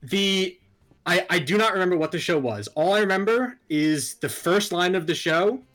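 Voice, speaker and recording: A man chatting casually about anime, jokey and argumentative, swearing often. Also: high voice. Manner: animated, jokey, swearing, quick to argue.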